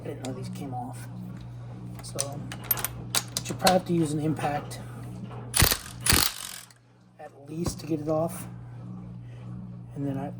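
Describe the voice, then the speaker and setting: A man giving a casual hands-on repair how-to, rambling offhand as he works, a bit choked up and clearing his throat. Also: on the high side, steady tone, measured pace, long pauses. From Los Angeles County. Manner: rambling, offhand, talks while working. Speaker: DIY repair vlogger. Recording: noticeable background noise.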